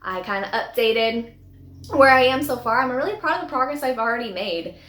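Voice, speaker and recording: A woman's voice: on the high side, lively intonation, brisk, fairly bright tone. Emotional woman vlogger in an echoey room. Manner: heartfelt, rambling with many restarts and laughs. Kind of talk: emotional personal storytelling.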